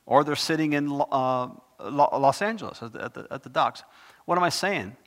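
A man's voice: on the high side, moderate pace. Impassioned preacher man, hall echo. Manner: impassioned, rising loud when reading scripture; conversational asides between verses. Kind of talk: Bible teaching sermon. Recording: long hall reverb.

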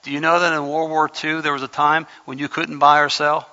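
A man preaching a sermon to his church, talking it through casually and then pressing his points hard. His voice is gravelly and bright, a little higher than most men's. The sound is muffled and carries a long hall reverb. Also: flat delivery, brisk. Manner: conversational, rising to impassioned. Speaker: pastor.

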